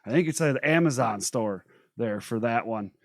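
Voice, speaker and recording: A man hosting a live show in casual chat, energetic and talkative, greeting viewers by name while feeling a bit unwell. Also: medium pitch, moderate pace, no echo, studio quality. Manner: energetic, chatty, shouting out viewers. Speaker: host.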